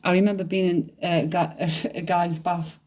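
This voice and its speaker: Chatty woman, mellow voice. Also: fairly low pitch, normal speed. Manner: chatty, excitable, laughs often, swears casually. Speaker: psychic medium livestreamer. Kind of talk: casual livestream chat reading comments.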